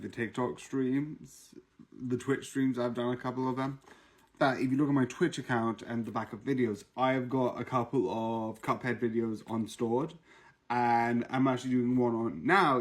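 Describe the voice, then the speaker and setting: A man's voice: mid-range voice, moderate pace. Rambling British man reviewing casually. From Britain. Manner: rambling, many fillers and restarts. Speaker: video reviewer and streamer.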